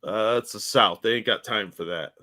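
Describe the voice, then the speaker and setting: A man's voice: fairly low pitch, moderate pace, pushed and bright. A man co-hosting a podcast, chatting casually and making blunt, profane quips. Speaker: podcast co-host. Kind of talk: casual chat.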